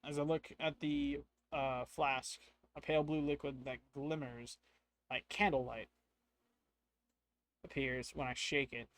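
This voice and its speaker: A man's voice: medium pitch, flat delivery, measured pace, pauses often. A man narrating and playing a solo tabletop game, thinking aloud as he goes.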